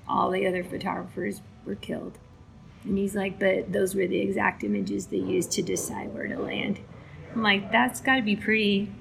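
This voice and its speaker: A woman's voice: mid-range voice, vocal fry, a little hiss or hum, low-quality recording. A woman from Alaska casually retelling stories about veterans, acting out the dialogue. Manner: animated retelling with quoted dialogue. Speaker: storyteller for a veterans' flight charity. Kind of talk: casual spoken storytelling.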